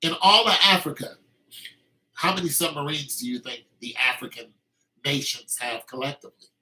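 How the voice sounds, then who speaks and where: A man's voice: a little high, lively intonation, normal speed, sharp tone, rough recording. A man hosting a podcast, delivering an opinionated casual monologue, heated and emphatic with frequent restarts. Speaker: podcast host.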